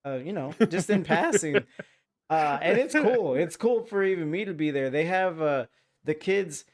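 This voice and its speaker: A man co-hosting a casual movie chat, relaxed and chatty, swearing now and then. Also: on the high side, normal speed, a crowd in the background. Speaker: podcast co-host.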